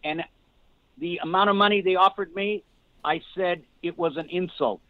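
Older male guest actor, high-ish voice, tinny phone audio; animated, rambling anecdotes. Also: moderate pace, dry recording. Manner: rambling, animated storyteller with restarts. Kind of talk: casual podcast storytelling.

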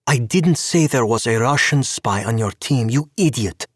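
A man voicing a sharp-tongued woman KGB agent and sorceress in an audio story, mocking and scolding. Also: mid-range voice, expressive, moderate pace, breathy edge, no room sound, clean studio sound, pitched above the performer's own voice. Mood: exasperated.

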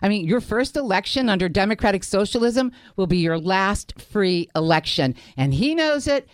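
A woman's voice: medium pitch, expressive, moderate pace, no echo. An American woman speaks emphatically as a radio guest, often breaking into laughs. Her mid-range voice sounds close and dry. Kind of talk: casual talk radio banter.

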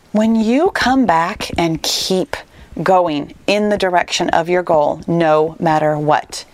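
A woman with a mid-range, darkish voice, recorded without echo, hosts a fitness podcast. She tells a personal story earnestly and encouragingly, addressing her listeners directly and quickly retelling parts of it.

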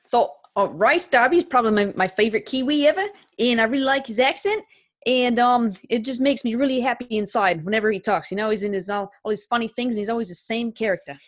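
Bright-voiced young woman, casual podcast guest. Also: fairly high pitch, fast talker. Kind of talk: casual chat.

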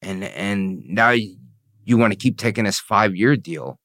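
Very low voiced man, blunt swearing storyteller, dry close sound. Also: a little slow, fairly bright tone, dry recording. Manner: blunt, swearing, frequent "you know what I mean". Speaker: interview guest. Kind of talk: candid storytelling, profane.

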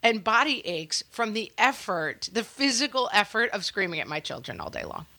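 A woman's voice: medium pitch, sing-song, moderate pace, sharp tone, no echo. A woman in her thirties, a podcast co-host chatting casually in a wry, self-mocking and playfully dramatic way. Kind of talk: casual chat.

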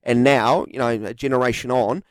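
A man's voice: mid-range voice, fairly even intonation, fairly quick, no echo. A man co-hosting a sports show, reading news items with many fillers and a playful edge. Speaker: co-host. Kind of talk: casual chat.

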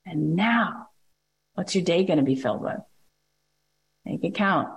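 A woman's voice: on the low side, expressive, measured pace, gravelly. A woman podcast host giving a passionate, emphatic motivational talk to her listeners.

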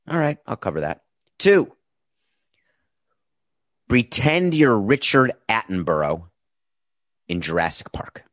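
A man's voice: fairly low pitch, fairly bright tone, no room sound. Emphatic middle-aged man, dry sound. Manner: emphatic, sarcastic, punchy delivery. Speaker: former baseball team executive. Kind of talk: opinionated commentary monologue.

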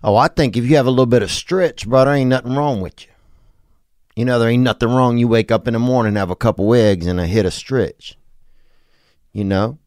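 A man's voice: mid-range voice, fairly quick, a little mellow, dry recording, studio quality. A man hosting a podcast, riffing in casual comedic chat with rambling, slangy, absurd monologues. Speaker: podcast host.

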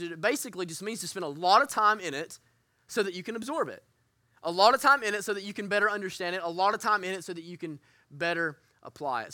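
Man, pastor, teaching a church group, earnest, candid, bright tone, dry close recording. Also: fairly high pitch, no room sound. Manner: earnest, candid, self-deprecating with frequent restarts.

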